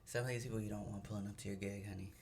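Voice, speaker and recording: A podcast host chatting casually with a guest, with quick, joking reactions and interjections. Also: deep voice, steady tone, a little mellow, slight background noise. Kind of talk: casual chat.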